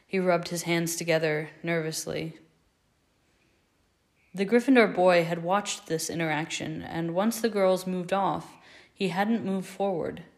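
A woman narrating a fan fiction story aloud in a measured, expressive reading. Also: lowish voice.

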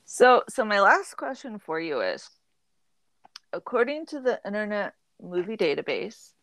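A woman in her thirties hosting a casual book club podcast, chatty and quick to laugh. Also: mid-range voice, sing-song, fairly bright tone, no room sound. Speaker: podcast host.

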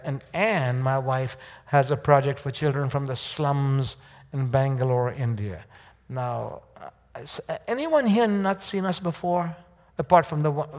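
A man, speaking as a guest preacher to a church congregation, rambling with many fillers and restarts. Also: medium pitch. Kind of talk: church sermon. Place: church sanctuary. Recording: church hall reverb.

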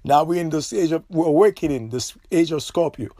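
A man preaches on his podcast in a high, raised voice. He hammers each point with emphatic repetition. The sound is dry and close, with no room around it. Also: a little fast, mellow, no room sound. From Haiti. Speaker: podcast host.

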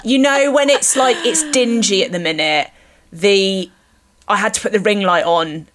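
A woman hosting a podcast in casual chat, self-deprecating and quick to laugh. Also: medium pitch, a bit bright. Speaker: podcast host.

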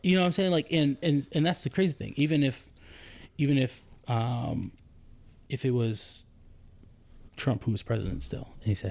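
A man, a soldier and podcast co-host, telling a story in casual chat, his voice climbing high when he gets indignant. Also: normal speed, creaky. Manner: animated storytelling, rising pitch when indignant.

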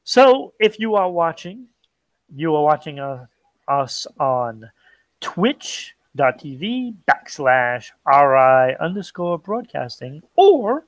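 A man co-hosting a podcast in an easygoing, chatty way, his voice sitting a little high for a man. He talks slowly and loosely, circling back on his words. The sound is dry and close, with no room around it. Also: big pitch swings, dry recording. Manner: laid-back, chatty, with frequent restarts and plugs. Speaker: podcast co-host. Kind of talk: casual chat.

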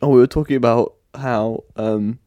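A man's voice: medium pitch, steady tone, dark tone, dry recording, lo-fi sound. A young British man chatting casually with a dry sense of humour. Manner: dry humour, quick laughs. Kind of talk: casual chat.

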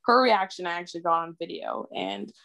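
Woman, casual chat, animated storytelling, lively acted quotes. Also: fairly quick. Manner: animated storytelling, acts out quotes with big pitch jumps and laughs. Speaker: mother of twins sharing a story.

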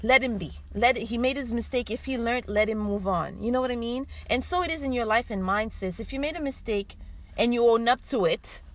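A woman host giving an impassioned opinion monologue, emphatic and animated, talking straight to her listeners. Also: a little high, brisk, few pauses. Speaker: podcast host.

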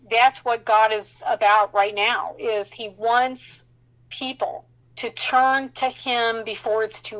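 High-voiced woman sharing a faith story. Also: low-quality recording. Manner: animated storyteller who laughs often and acts out dialogue. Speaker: Christian counselor sharing her testimony. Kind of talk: casual faith testimony storytelling.

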